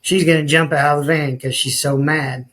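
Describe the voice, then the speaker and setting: A man from rural with the to match, telling his own story as a podcast guest. His voice sits a little higher than most men's. He talks in an earnest, rambling way, often stopping and restarting his sentences. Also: fairly even intonation, normal speed, fairly bright tone, low-quality recording. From rural northwest Missouri. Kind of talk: telling his life story in a casual chat.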